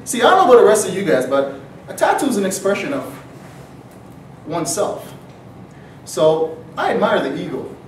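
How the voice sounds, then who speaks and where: Animated man telling a comic story. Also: high-pitched, normal speed, a little hiss or hum. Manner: animated, deadpan-earnest mock outrage. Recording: roomy, distant mic, faint ambience.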